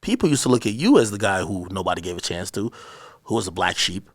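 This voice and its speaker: A man's voice: sits low, big pitch swings, quick pace. A man being interviewed, telling a rambling anecdote in casual, profanity-laced speech. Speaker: interview guest, media personality.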